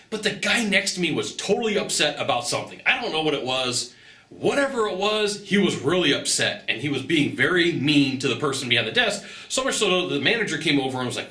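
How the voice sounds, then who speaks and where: An animated man talks casually to camera about travel, his bright, sharp voice swooping high and low. He laughs often and acts out quick dialogues. The sound carries a noticeable echo from the room. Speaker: travel and persuasion tips presenter. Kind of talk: casual advice talk to camera.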